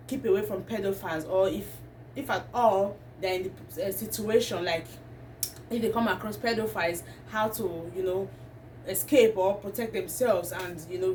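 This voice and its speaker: A woman's voice: mid-range voice, darkish tone. A woman, talking to camera as a vlogger and ranting with indignation. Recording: distant mic, faint background noise.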